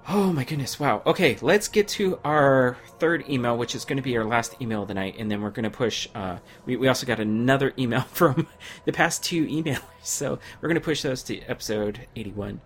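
Male co-host, mid-pitched, chatty and rambling, voice wearing thin. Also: a little fast. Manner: rambling, chatty, laughs often. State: losing his voice. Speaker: podcast co-host. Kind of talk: casual gaming podcast chat.

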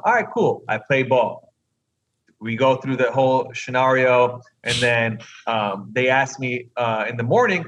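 A man's voice: medium pitch, normal speed, fairly bright tone, muffled recording. A man, a recently eliminated reality competition contestant, tells his side of the story emphatically in an interview, often asking "right?".

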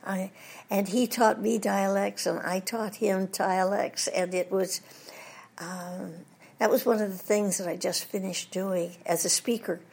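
A woman's voice: mid-range voice, steady tone, measured pace, gravelly, a little mellow, slightly rough. An older woman, a voice actress, telling anecdotes in an interview and putting on British voices for jokes. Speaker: voice actress guest. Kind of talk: storytelling interview.

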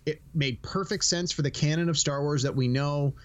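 Animated man with a slightly high voice. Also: moderate pace, highs cut off. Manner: animated storyteller, acts out quotes, laughs while talking. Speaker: podcast host. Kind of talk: casual chat.

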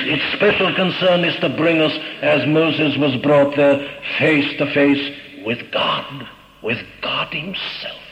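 A man's voice: a little high, fairly bright tone. A man preaching a sermon from the pulpit, solemn and emphatic, repeating his phrases and building to fervor. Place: church pulpit. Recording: dull, echoey old church sermon recording.

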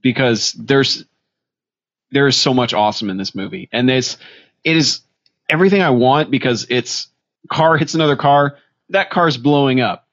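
Profane, animated male podcast co-host. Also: medium pitch, normal speed, no room sound, dull audio. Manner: profane, animated retelling of scenes. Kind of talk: casual movie review chat.

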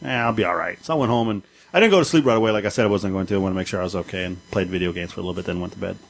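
On a podcast, a man with a low, creaky voice tells a story in rapid-fire casual chat. He gets animated, acting out the people in it with a raised voice.

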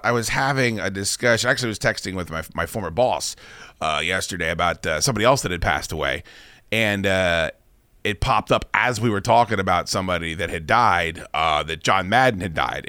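A man hosting a podcast, telling stories in a casual, animated way and swearing often. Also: fairly low pitch, a little fast, clean tone, no room sound, clean studio sound. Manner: animated storyteller, swears freely, laughs a lot. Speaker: podcast host. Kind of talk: casual chat.

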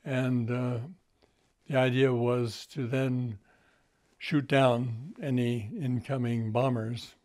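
An older man being interviewed, recalling past events slowly, with frequent fillers and restarts. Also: medium pitch, flat delivery, darkish tone. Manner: halting, many fillers and restarts. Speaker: interview guest.

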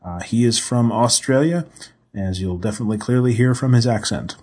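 A man's voice: medium pitch, animated, a little fast, darkish tone, breathy edge. A man hosting a podcast, introducing segments informally with some fillers. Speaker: podcast host.

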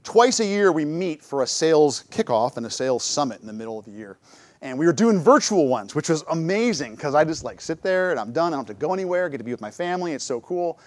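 Lively middle-aged man telling church stories. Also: a little high, fast talker, no echo. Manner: lively storytelling, acts out his own quotes. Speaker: church speaker. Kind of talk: church talk with personal stories.

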